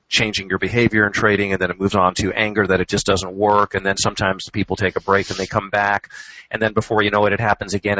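Man, low voice, measured, reflective, candid, dry dull radio recording. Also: fairly bright tone, no room sound. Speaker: radio show regular and trader. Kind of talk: casual radio talk.

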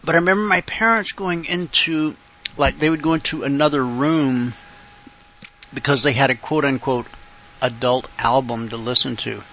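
A man's voice: mid-range voice, normal speed, a bit bright, muffled recording. A man hosting a radio talk show, rambling and chuckling as he reminisces. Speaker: radio host. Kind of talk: casual talk radio chat.

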